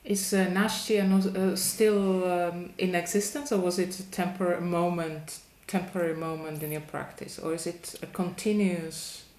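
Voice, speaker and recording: A woman interviewing an artist, asking long, thoughtful questions with small pauses and restarts. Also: lowish voice, little pitch movement, a little mellow, echoey room. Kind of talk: conversational interview.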